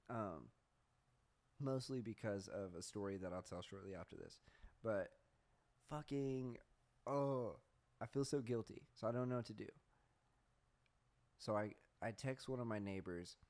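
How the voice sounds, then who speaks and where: Young male podcast host, lowish voice, loose rambling storyteller who swears freely. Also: darkish tone. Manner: rambling, swears often, laughs at himself; reads search results aloud. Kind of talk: casual storytelling chat.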